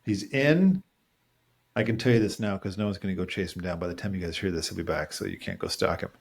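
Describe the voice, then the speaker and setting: A man with a lowish voice co-hosting a podcast in loose, casual chat. He jokes his way from one random topic to the next. His voice leaps up in pitch when he gets excited. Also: fast talker, vocal fry. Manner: jokey, jumps between random topics, animated swings in pitch. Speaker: podcast co-host. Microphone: studio microphone.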